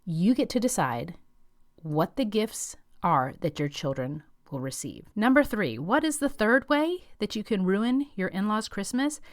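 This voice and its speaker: Calm, direct woman podcast host. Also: medium pitch, unhurried, no echo, studio quality. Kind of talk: advice podcast monologue.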